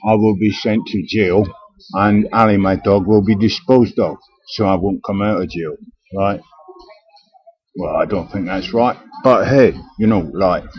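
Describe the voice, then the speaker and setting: A low-pitched older man from Britain rambles through an aggrieved monologue, full of hesitations and restarts. The recording sounds dull and lo-fi. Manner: digressive, aggrieved, with frequent hesitations. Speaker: vlogger.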